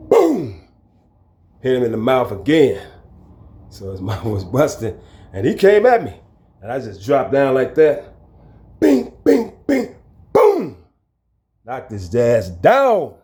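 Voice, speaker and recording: A man telling a story from his own life in a casual, lively way, acting out the people in it. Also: mid-range voice. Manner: animated, acts out the people in his story, chuckles. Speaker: storyteller recounting his prison time. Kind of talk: casual spoken storytelling to camera.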